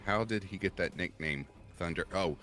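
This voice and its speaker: A man hosting a casual livestream chat, a deep-voiced narrator who tells stories and laughs easily. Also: normal speed, crowd noise. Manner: chatty storyteller, laughs easily. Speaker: livestream host and story narrator.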